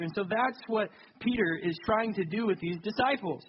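A man's voice: sits high, normal speed, hardly any pauses, slightly rough, dull audio. A young adult man preaching a sermon in a conversational, self-deprecating way that builds to emphatic peaks. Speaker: pastor.

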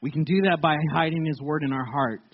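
A man's voice: fairly high pitch, a little fast, slightly rough, narrow, tinny audio. A man preaching a casual sermon to his church, joking and laughing as he talks. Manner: conversational, joking, laughs often. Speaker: pastor.

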